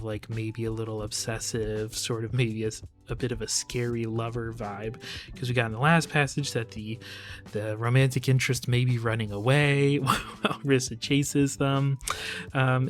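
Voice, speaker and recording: A man hosting a lyric analysis video, talking casually and thinking aloud with frequent fillers and pauses. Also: mid-range voice. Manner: relaxed, hesitant with many fillers, thinking aloud. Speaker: lyric analysis channel host.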